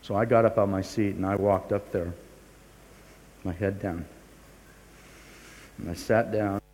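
A lowish, steady, slightly mellow male voice delivers a sermon at a measured pace, with a touch of hiss or hum. The older pastor is earnest and confessional, restarting sentences often and poking fun at himself, in a long hall reverb.

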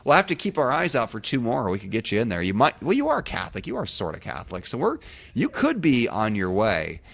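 A man's voice: mid-range voice, wildly swooping pitch, brisk, vocal fry, fairly bright tone. A man with a Midwestern American accent co-hosting a podcast, bantering in a dry, teasing, mock-serious way. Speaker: podcast co-host.

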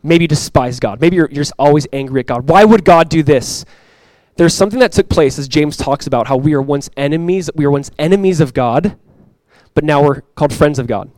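Man, young adult, pastor, sermon, earnest, soft intimate moments, dry recording. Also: a little high, brisk, dry recording, poor audio. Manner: earnest, repeats key phrases, drops to soft intimate tones.

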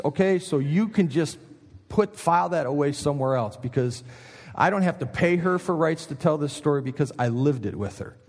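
A middle-aged male pastor preaching in a college chapel, telling a story with animation and checking in with listeners. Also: on the high side. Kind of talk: sermon. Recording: long chapel reverb.

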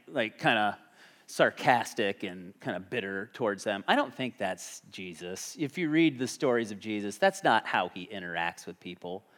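A man's voice: mid-range voice, fairly bright tone. A man preaching a sermon as a pastor, talking conversationally and asking the congregation questions.

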